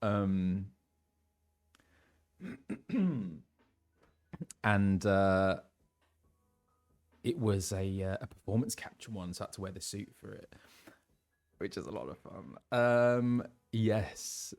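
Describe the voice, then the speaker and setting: A young British man chatting casually on a live stream and greeting viewers, his voice a little low as he recovers from laryngitis. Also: takes it slowly, long pauses, a little mellow. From England. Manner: chatty, reads out viewers' messages with laughs and fillers. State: recovering from laryngitis, voice lower than usual.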